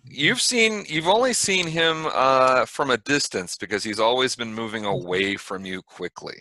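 A man running a tabletop game as game master from home over a video call, relaxed, with fillers and dry asides. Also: medium pitch, normal speed.

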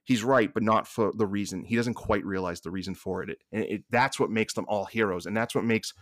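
A man with a Boston accent, a podcast guest talking with passion and many quick restarts. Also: fairly low pitch, a bit bright, no echo, studio quality. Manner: passionate, fast restarts and repeated words. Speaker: podcast guest, staff writer. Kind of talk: casual podcast chat.

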